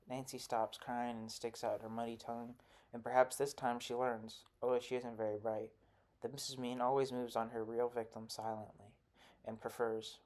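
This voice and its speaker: A man's voice: mid-range voice, a little mellow. Man reading a literary audiobook, level tone. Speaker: audiobook narrator. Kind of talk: scripted literary narration.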